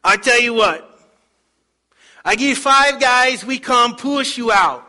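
A man voicing an older male beach stranger who talks in loud, clipped, broken phrases. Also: very high-pitched, sing-song, moderate pace, pitched above the performer's own voice, exaggerated voice. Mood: gruff, offering.

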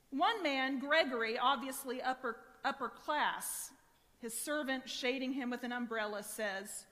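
A woman associate pastor preaching a sermon in an animated, wry, self-deprecating way. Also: sits high. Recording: long church reverb.

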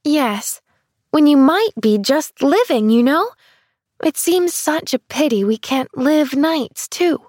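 A woman's voice: high voice, expressive, slow pace, a little mellow, dry recording, studio quality, pitched above the performer's own voice. A woman voicing a cheerful, eager little girl who gushes breathlessly in a storybook reading. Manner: gushing, breathless and exclamatory.

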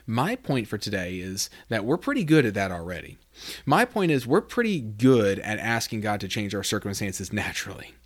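A man's voice: lowish voice, sing-song, moderate pace. A man hosting a devotional podcast, talking informally and reading scripture aloud with rising emphasis, often correcting himself with "I mean.". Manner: self-correcting, many fillers like "I mean". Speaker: podcast host teaching scripture.

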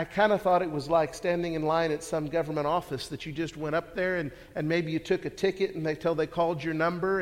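A man preaching a sermon, earnest and full of rhetorical questions, often repeating words as he restarts. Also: a little high. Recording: long hall reverb.

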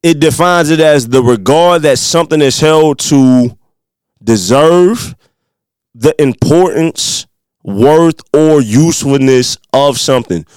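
A man's voice: a little high, takes it slowly, a little mellow, clean tone, no room sound. A young man with a Midwestern country accent hosting a motivational podcast, preaching to his listeners in a hyped, upbeat way. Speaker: podcast host.

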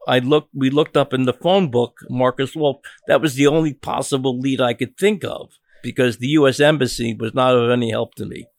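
An older American man, a journalist, telling a long story in an interview, often halting and repeating words as he restarts. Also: mid-range voice, vocal fry, dry recording, studio quality. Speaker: journalist guest.

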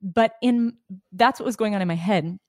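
A middle-aged woman co-hosting a faith podcast, telling a family story in an animated way, acting out quotes and laughing. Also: mid-range voice, moderate pace, no echo, clean studio sound. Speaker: podcast co-host.

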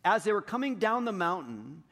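A man preaching a sermon, telling stories in an animated, self-deprecating way and swinging between hushed and loud delivery. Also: high-pitched, normal speed, gravelly. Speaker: pastor. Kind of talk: sermon with storytelling.

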